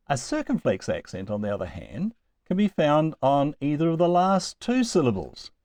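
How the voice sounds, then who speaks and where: Man teaching Greek with lively pitch. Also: dry recording. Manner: slow, deliberate over example words, with chuckles. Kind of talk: recorded lecture.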